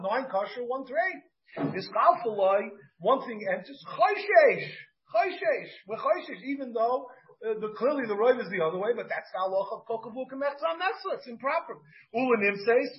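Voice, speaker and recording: A rabbi gives an animated Talmud lecture, his voice pitched high for a man. He keeps checking in with his students with quick "right?" asides. The recording sounds dull and lo-fi. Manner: animated, switches between English and Hebrew-Aramaic terms, frequent "right?" asides.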